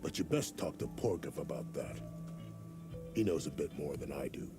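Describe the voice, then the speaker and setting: Over music, an actor voices a weathered, gruff scout for a video game, his voice extremely deep and gravelly. He sounds animated yet keeps a measured, matter-of-fact delivery and a steady mood.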